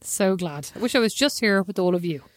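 A woman's voice: medium pitch, lively intonation, a little fast, no room sound. A woman co-hosting a podcast with her sister, sardonic and mock-exasperated. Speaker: podcast co-host. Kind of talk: casual chat between sisters.

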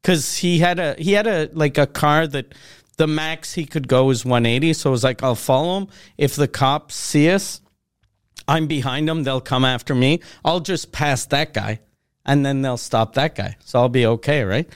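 A man's voice: fairly high pitch, normal speed, clear, resonant tone, dry recording, clean studio sound. A man co-hosting a casual podcast, telling a loose, profane story. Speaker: podcast co-host.

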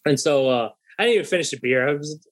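A young man on a podcast telling a story in casual chat, animated and profane, acting out the voices of people he quotes. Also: a little high, fast. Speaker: podcast host.

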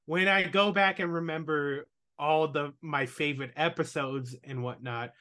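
A man's voice: a little high, fairly even intonation, moderate pace, pushed and bright. A man hosting a podcast, chatting casually about episodes with many ums and casual swearing. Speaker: podcast host. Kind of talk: casual chat.

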